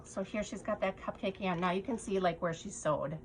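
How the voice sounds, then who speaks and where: A woman vlogger gushing her way through unboxing handmade craft swap items, often dropping to soft whispers. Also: lowish voice, moderate pace, vocal fry, slight background noise, low-quality recording. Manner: gushing, breathless with delight, drops to soft whispers. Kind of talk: casual unboxing chat.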